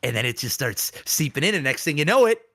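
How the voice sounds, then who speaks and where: A man's voice: a little high, quick pace. A man co-hosting a casual podcast, telling stories with lots of swearing and acting out the people he quotes. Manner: animated storyteller, profane, acts out quoted people. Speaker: podcast co-host.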